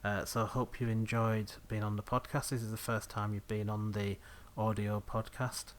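A man's voice: fairly low pitch, level tone, moderate pace, slight background noise. A man, hosting a podcast in casual chat, full of ums and laughs. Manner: chatty, laughs often, many ums. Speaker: podcast host.

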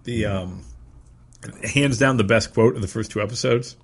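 A man chatting casually with a friend, easygoing and halting, often repeating his words. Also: fairly low pitch, breathy edge. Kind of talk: casual chat.

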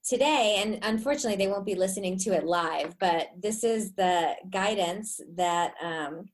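A woman's voice: medium pitch, moderate pace. A woman talking frankly and cheerfully as a guest on a casual podcast. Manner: upbeat, frank, chatty. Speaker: guest, oracle deck creator.

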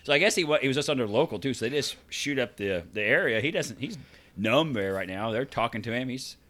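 A man's voice: mid-range voice, lively intonation, fast, pushed and bright, slight background noise. A man with a rural American accent hosting a casual, crude podcast, reading news stories aloud and teasing his co-hosts with quiz questions. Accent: rural American (self-described redneck). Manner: laughs often, reads stories aloud, teasing quizzes.

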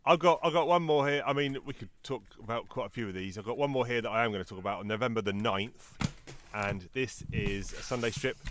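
A man's voice: fairly low pitch, a little hiss or hum. A man co-hosting a podcast, chatting casually and giving short agreeing replies between his turns. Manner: brief agreeing replies, then relaxed explaining. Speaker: podcast co-host. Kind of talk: casual chat.

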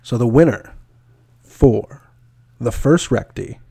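A man's voice: mid-range voice, animated, takes it slowly, creaky, warm tone, husky. A man co-hosting a podcast in casual chat, adding dry quips. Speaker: podcast co-host.

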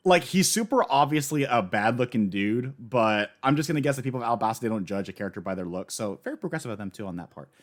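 A man in casual chat, recapping a story with lively enthusiasm and acting out the characters he quotes. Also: medium pitch, fast, few pauses. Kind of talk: casual manga discussion.

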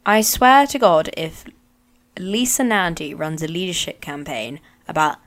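A woman's voice: fairly low pitch, expressive, measured pace. A woman guest on a political podcast, sarcastic and rambling with lots of fillers. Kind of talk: casual political chat.

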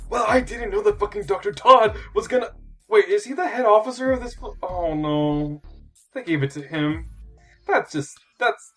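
Guy doing a frazzled character venting, voice pitched up and loud, keeps cutting himself off. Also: normal speed, slightly rough, soft background music, full character voice. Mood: flustered. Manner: rattled, venting, trailing off mid-sentence. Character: flustered exasperated character, just uncovered. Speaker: game master.

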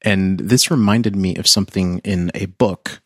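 A man co-hosting a podcast in casual chat, dry and wry, speaking deliberately. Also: low voice, fairly even intonation, no room sound. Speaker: podcast co-host.

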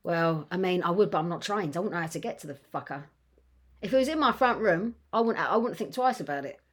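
A middle-aged woman co-hosting a podcast, talking in a blunt, excitable way and swearing freely in casual chat. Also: lowish voice, quick pace. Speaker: podcast co-host.

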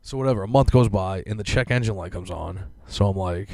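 A young man tells a long, profane complaint on a podcast, words tumbling out quickly. His voice has a gravelly, fried edge. The sound is dry and close. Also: low-pitched, warm tone, no echo. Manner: ranting, profane storytelling with many fillers. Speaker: podcast co-host. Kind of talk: casual podcast banter.

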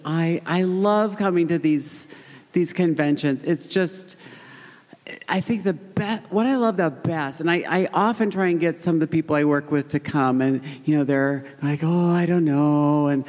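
A panel guest speaking in a heartfelt, halting way, close to tears with joy. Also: mid-range voice, a little mellow. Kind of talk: emotional panel remarks. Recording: live hall recording with long reverb.

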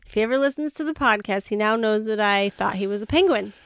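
A woman co-hosting a podcast, telling a story in animated fashion, laughing and acting out her own panic. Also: mid-range voice, fast, smooth, dry recording, clean studio sound. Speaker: podcast co-host. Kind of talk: casual storytelling chat.

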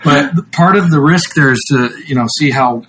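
A man's voice: on the high side, moderate pace, noisy background. A man from the United States, a podcast guest talking casually, rambling with many fillers and frequent laughs. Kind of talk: casual interview talk.

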